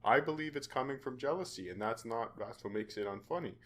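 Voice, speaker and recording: A man hosting his own podcast, talking in an earnest, halting way with frequent restarts. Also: medium pitch, a bit bright. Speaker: podcast host. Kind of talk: casual podcast chat.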